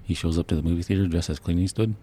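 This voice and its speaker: A man's voice: deep voice, steady tone, racing, mellow. A man co-hosting a podcast, bantering playfully in casual chat. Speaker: podcast co-host.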